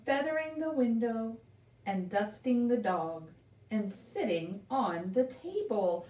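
A woman librarian leads a live story time for young children, reading slowly with a higher, sing-song voice. She keeps asking the kids questions and teaches them signs as she goes. Her voice sounds roomy and a little distant from the mic. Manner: animated, questioning, sound effects and sign language for kids. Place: library room.

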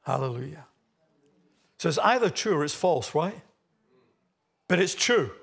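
Australian male pastor, gravelly husky voice, emphatic sermon delivery. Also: fairly high pitch, expressive, unhurried. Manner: emphatic preaching, rising loud on key phrases. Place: church hall.

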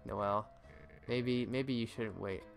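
A man voicing a joking, bedridden reindeer dad from a video game, gruff and folksy. It is close to his everyday voice, with game music playing softly underneath. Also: medium pitch, steady tone, slow.

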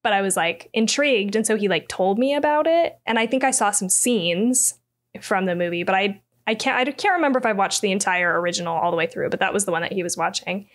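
A woman's voice: medium pitch, fast talker. A woman co-hosting a podcast, chatty and reflective, who laughs easily. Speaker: podcast co-host. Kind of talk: casual chat.

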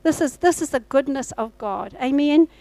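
A woman pastor tells a personal testimony from the pulpit in a high, bright voice. She acts out her own past dialogue as she goes. The sound is dry and close, with little room echo. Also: lively intonation, moderate pace. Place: church.

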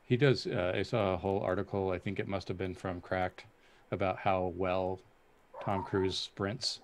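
A man appearing as a guest game designer in a casual podcast chat, relaxed with easygoing humor. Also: sits low, normal speed.

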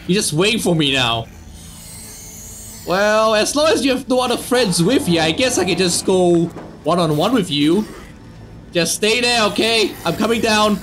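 High-voiced man screaming through a horror game. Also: a bit bright, slight background noise. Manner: sarcastic, screams and swears at scares. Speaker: gaming YouTuber. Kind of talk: let's play commentary.

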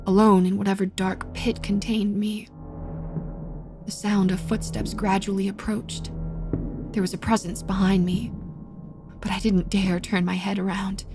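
Woman narrating a horror story in a measured voice. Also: mid-range voice. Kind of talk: scripted first-person horror narration.

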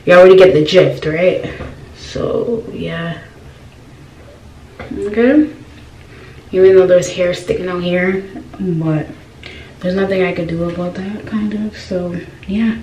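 This young woman's voice is lowish and dark, slow, with frequent pauses. Chatting through a casual hair tutorial, the beauty vlogger keeps checking in with viewers via "y'all" questions, recorded in a roomy, distant space with faint noise.

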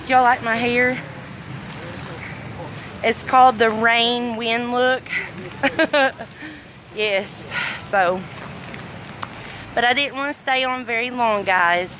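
Holding her phone at arm's length outside a fireworks tent after a storm, a middle-aged Southern woman from Arkansas chats on a casual livestream, slightly out of breath. Her slightly high voice is fairly even in intonation, leisurely and slow with long pauses, against a noisy background. Chatty and affectionate, she reads comments aloud and laughs frequently.

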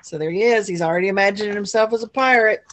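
A woman librarian reading a picture book aloud at a library storytime, pausing for chatty asides to children. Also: mid-range voice. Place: public library.

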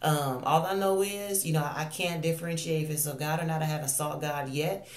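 A woman's voice: sits low, steady tone, fairly quick, roomy sound. A woman ministering online, telling a personal faith testimony in an earnest, confessional way, often repeating phrases.

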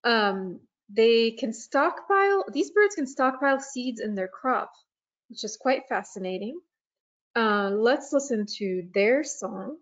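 Slow, hesitant woman presenting a webinar. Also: on the high side, expressive, muffled recording. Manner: slow, hesitant, many fillers. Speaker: nature preserve staff presenter.

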